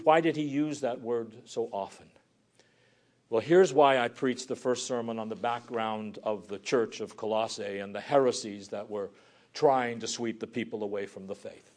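A male pastor preaching a sermon earnestly, swinging from forceful emphasis down to hushed, near-whispered lines. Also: on the high side.

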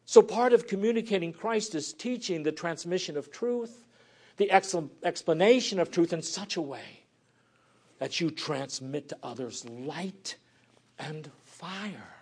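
A pastor delivering a sermon in a somewhat high-pitched voice. His preaching is earnest and dynamic. He often drops to a soft, breathy near-whisper to drive a point home. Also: expressive, measured pace.

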